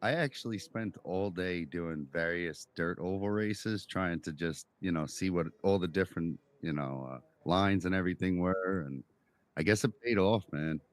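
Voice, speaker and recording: A man as a sim racing driver talking about his first win in an enthusiastic, relaxed way. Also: sits low, moderate pace. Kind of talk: post-race interview.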